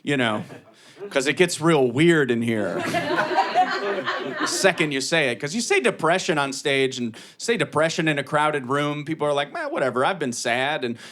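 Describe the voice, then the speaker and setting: A man's voice: fairly high pitch, normal speed. A man in his thirties from Cleveland doing a live stand-up set on a comedy club stage, with a dry, tired, self-deprecating delivery. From Cleveland, USA. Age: 30s. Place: comedy club stage before a laughing audience. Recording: live club recording with loud audience noise.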